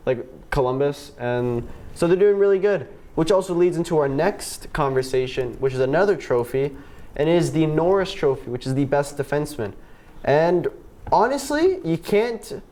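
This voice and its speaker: A young man with a fairly high voice co-hosting a casual sports podcast. He rattles off player numbers in a relaxed way and stumbles over fillers and restarts. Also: moderate pace. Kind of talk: casual chat reading out stats.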